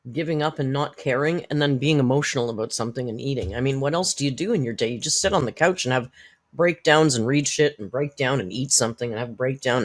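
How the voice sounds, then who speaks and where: A woman hosting a reaction commentary channel, talking bluntly and sarcastically with frequent swearing. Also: a bass voice.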